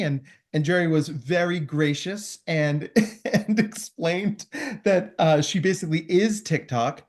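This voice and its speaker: A man hosting a podcast, telling a story in an animated, self-deprecating way. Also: fairly high pitch, a little slow. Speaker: podcast host. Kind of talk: storytelling interview chat.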